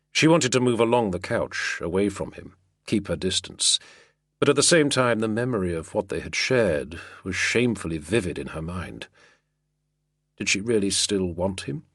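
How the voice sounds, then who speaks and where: A male audiobook narrator telling a historical novel in a measured, expressive way. His voice sits low, a little husky, with lively pitch movement. The recording is dry and close. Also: no echo. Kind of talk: scripted narration.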